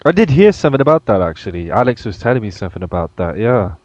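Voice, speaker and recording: A man's voice: lowish voice, big pitch swings, fast, darkish tone, no echo. Brief: male radio co-host, playful eager sidekick, dry and dull lo-fi audio. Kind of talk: late-night radio banter.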